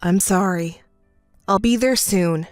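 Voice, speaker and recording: A woman's voice: mid-range voice, slow pace, no room sound, studio quality, faint music behind, pitched below the performer's own voice, natural voice. A woman voicing an evasive, apologetic young husband in a text story, stammering and placating.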